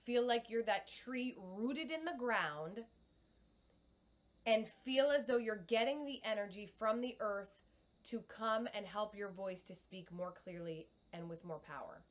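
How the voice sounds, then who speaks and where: A woman's voice: medium pitch, a little slow. Upbeat woman coaching on camera. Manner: upbeat, encouraging, demonstrative. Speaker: communication coach. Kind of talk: live video lesson.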